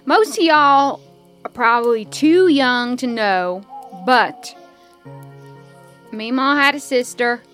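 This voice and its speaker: Woman playing a folksy, high-voiced elf druid. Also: slow, pauses often, fairly bright tone, faint music behind. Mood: rallying. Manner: folksy, rallying speech. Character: woman druid of the elves, earnest. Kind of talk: tabletop role-play.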